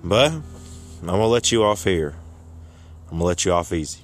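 A man's voice: sits low, animated, moderate pace, soft background music. Man voicing a stern, short-tempered bartender. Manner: stern, threatening. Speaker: bar owner.

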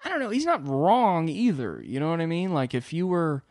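Animated, rambling young man hosting a podcast. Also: fairly high pitch, moderate pace, dry recording, clean studio sound. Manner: animated, profane, rambling asides. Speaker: podcast host. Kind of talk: comedic storytelling monologue.

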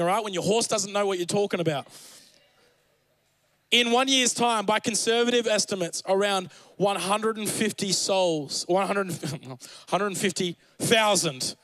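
A young pastor preaches with a high, light voice, earnest and rising to fervent urgency. The sound is close and dry, with no room around him. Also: male voice, a bit bright, dry recording, low-quality recording. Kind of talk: sermon.

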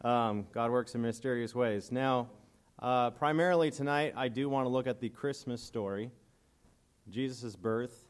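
A man's voice: medium pitch, moderate pace. Earnest man preaching. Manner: earnest and emotional, laughs between points; reads scripture aloud then comments. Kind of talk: casual evangelical sermon.

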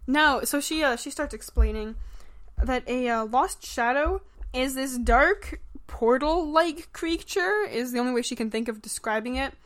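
A young woman runs a tabletop game, narrating in a halting way with plenty of fillers and restarts. Her voice sits slightly high. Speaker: game master.

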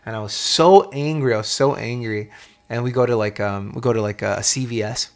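A man co-hosting a podcast, telling a childhood story in casual chat, animated and swearing freely. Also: medium pitch, brisk. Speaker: podcast co-host.

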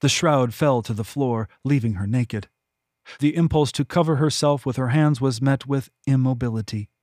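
Measured male audiobook narrator, dry sound. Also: medium pitch, a little mellow, dry recording. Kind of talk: scripted narration.

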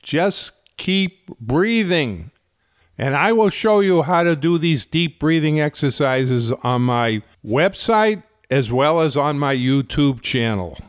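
A man who runs a fitness channel, explaining health topics in slow, deliberate, emphatic phrasing. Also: fairly high pitch, lively intonation, clean tone, no room sound, clean studio sound. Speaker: fitness instructor. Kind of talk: slow explanatory talk to camera.

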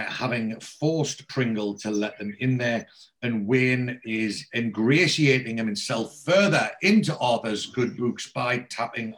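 A man's voice: mid-range voice, a bit bright. A man casually recapping a TV episode, quoting the characters' lines with frequent ums and restarts.

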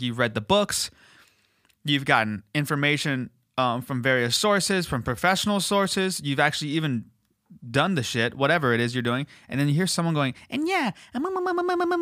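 A man hosting a podcast in casual, rambling chat, swearing heavily and animated. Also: on the high side, no room sound, studio quality. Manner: profane, rambling, animated, filler words. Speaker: podcast host.

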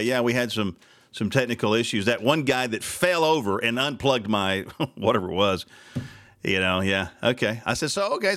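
A man's voice: mid-range voice, a bit bright. A man hosting local talk radio, venting in an exasperated, sarcastic ramble. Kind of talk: casual talk radio monologue.

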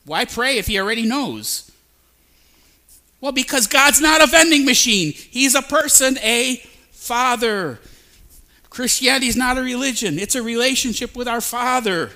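A male pastor giving a lively sermon, sometimes imitating babbling sounds to make a point. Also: very high-pitched, normal speed. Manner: animated, mimics babbling sounds. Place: church sanctuary.

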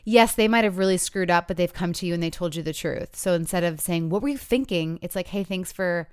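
A woman's voice: fairly even intonation, brisk, clear, resonant tone, no echo, clean studio sound. A woman in her thirties co-hosting a casual podcast, chatty and acting out the quotes she tells. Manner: chatty, acts out quotes with big pitch jumps. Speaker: podcast co-host.

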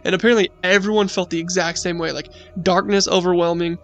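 A man's voice: high voice, fairly even intonation, fast talker. A young man casually telling a spooky story about his friends, rambling and swearing, with lots of "like". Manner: profane, rambling, heavy use of "like".

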